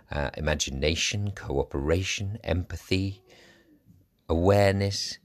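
Male school radio host, lowish voice, animated delivery, upbeat announcer. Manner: upbeat, lively, brisk announcer.

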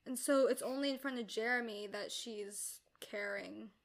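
A young woman with a notably high voice talking over a novel with a friend. She is emphatic and opinionated, punctuating her points with "like" and "you know". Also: normal speed. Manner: animated, emphatic commentary with filler "like". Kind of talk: casual chat discussing a novel.

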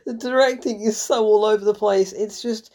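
A woman's voice: medium pitch, fairly even intonation, normal speed, darkish tone. A woman giving an exasperated, swearing film review, often breaking into laughter.

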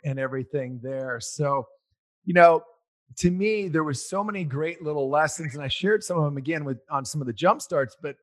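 Forties guy rambling through a family story, kinda high voice, gets loud and worked up. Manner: rambling and animated, gets loud reliving an argument. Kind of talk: casual personal storytelling.

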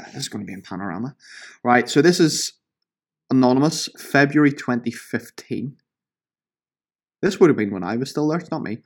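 A man in his thirties hosting a casual solo podcast, chatting with lots of ums and sarcastically picking apart gym reviews. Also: lowish voice. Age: 30s. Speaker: podcast host, fitness trainer.

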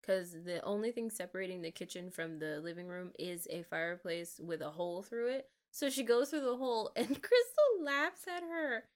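A woman co-hosting a casual podcast, recapping a film scene by scene with animated storytelling and frequent swearing. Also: lowish voice. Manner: retells scenes in rapid run-on clauses. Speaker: podcast co-host. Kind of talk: casual movie recap chat.

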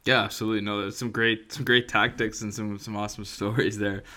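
A man hosts an interview, briefly affirming his guest before moving to the next question. He talks quickly. His voice is low-pitched but bright. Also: flat delivery. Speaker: podcast host.

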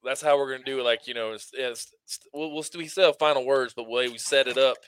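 A man's voice: medium pitch, fairly even intonation, quick pace, a bit bright, clean tone, no echo. A man co-hosting a podcast, chatting casually in a laid-back, rambling way. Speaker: podcast co-host. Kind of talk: casual chat.

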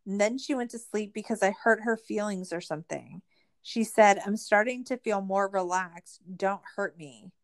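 A woman hosting a podcast recaps a true-crime documentary at a moderate pace, chatting casually. She's sarcastic and profane, uses "like" constantly, and her voice spikes high in moments of exasperation.

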